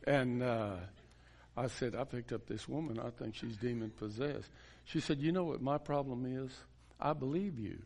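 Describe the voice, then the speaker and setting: A man's voice: medium pitch, moderate pace, a little mellow, slight background noise. A man, a pastor, telling a story in a sermon in a folksy way, chuckling and restarting his sentences.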